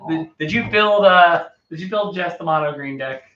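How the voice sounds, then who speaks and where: A man's voice: a little high, normal speed, sharp tone. A man hosting a casual podcast over a card game, rambling and laughing often. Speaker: podcast host. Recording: roomy, distant, dull mic.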